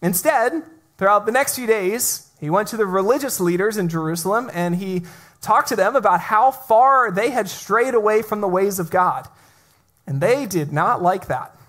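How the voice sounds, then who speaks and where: A man's voice: high-pitched, lively intonation, moderate pace, a bit bright. A male pastor preaching a sermon in a conversational way, with playful asides and frequent restarts. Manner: often repeats the first word of a phrase.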